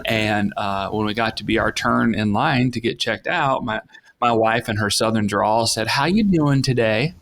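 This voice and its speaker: A man's voice: lowish voice, fairly even intonation, normal speed, a bit bright, a little hiss or hum. A middle-aged man from the northern United States hosting a conversational podcast, telling stories in a chatty way with frequent restarts. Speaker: podcast host. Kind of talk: casual conversational interview.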